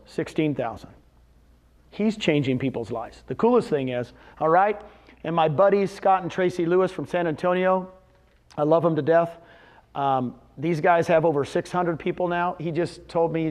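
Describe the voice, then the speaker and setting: A man giving a live seminar talk to real estate agents, telling success stories and firing questions at the audience. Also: a little high. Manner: animated, storytelling with quick questions to the audience. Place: meeting room with a live audience.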